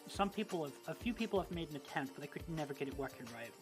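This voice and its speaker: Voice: medium pitch, expressive, very fast, soft background music. A streamer in casual livestream chat, rambling and cutting himself off mid-sentence. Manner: rambling, self-interrupting.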